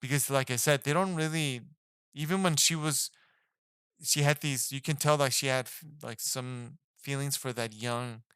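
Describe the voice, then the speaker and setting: A man's voice: mid-range voice, steady tone, normal speed, fairly bright tone, smooth, dry recording, studio quality. A man giving a casual spoken film review, rambling and hesitant, with lots of fillers and restarts. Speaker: movie reviewer.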